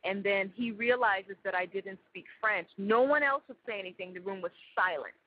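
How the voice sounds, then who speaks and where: A woman's voice: mid-range voice, normal speed. A woman guest in an interview, telling a vivid story with many fillers. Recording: dull lo-fi audio.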